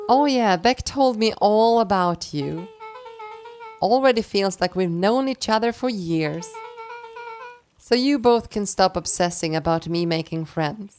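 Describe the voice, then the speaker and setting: A woman's voice: medium pitch, unhurried, darkish tone, faint music behind. A woman streaming a story game, reading every character's lines aloud in playful voices and laughing between them.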